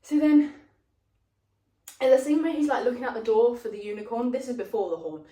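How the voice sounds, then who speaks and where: A young woman with a slightly high voice talks briskly in an animated, rambling way, full of fillers, as she retells a film plot for her vlog. Her phone is propped up at a distance, so her voice sounds far from the mic and roomy.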